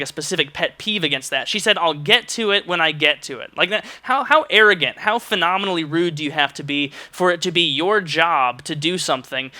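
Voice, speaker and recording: Man, vlogger, storytime rant, exasperated, a bit curt, bright sharp voice, slightly high pitch. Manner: ranting, exasperated storytelling, acts out quotes; says he can come off as curt. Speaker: vlogger telling a personal story. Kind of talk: storytime monologue.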